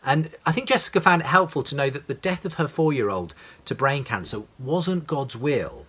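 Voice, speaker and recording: A man's voice: on the high side, animated, moderate pace, fairly bright tone, slightly rough. A man giving a prepared, earnest talk on faith as a podcast host, reflective with occasional fillers. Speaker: podcast host and radio presenter.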